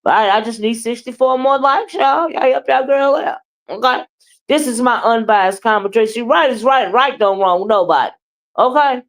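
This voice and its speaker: A woman doing livestream commentary, blunt, profane and animated as she trash-talks and chats with viewers. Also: fairly high pitch, normal speed. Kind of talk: live commentary and chat with viewers.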